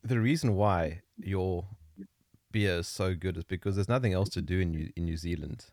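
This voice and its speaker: A man's voice: low voice, moderate pace, a little mellow, dry recording, clean studio sound. A man hosting a casual interview, playful and teasing, who laughs often. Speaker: host.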